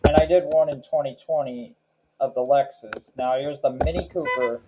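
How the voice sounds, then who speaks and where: A man hosting a reaction video, naming car models one by one in a slow, matter-of-fact way. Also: medium pitch. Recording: clear background noise with clicks.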